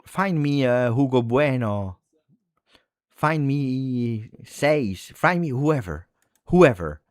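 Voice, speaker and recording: Male fan host, excitable live commentary, very lively intonation, dry close mic. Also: medium pitch, slow pace, no echo. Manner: excitable, swings from muttering to shouting. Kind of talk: live watch-along reaction commentary.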